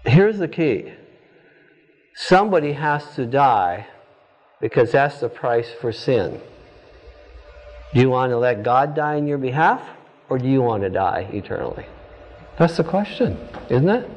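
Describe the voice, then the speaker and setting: A man's voice: mid-range voice, sing-song, measured pace, pauses often, low-quality recording. A man teaching a Bible study class, firing pointed questions at his students and answering them himself.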